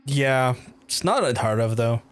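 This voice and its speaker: A man's voice: medium pitch, animated, measured pace. A man streaming a video game, chatting casually, swearing and laughing as he plays. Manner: chatty and laid-back, swears freely and laughs. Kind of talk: casual gameplay commentary.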